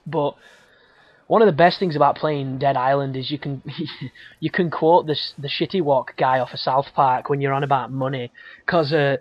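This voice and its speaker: A man's voice: mid-range voice, dry recording. Rambling, foul-mouthed gaming commentator man. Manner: rambling, profane, laughs often. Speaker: gameplay commentator. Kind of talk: casual let's-play commentary. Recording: dull lo-fi audio.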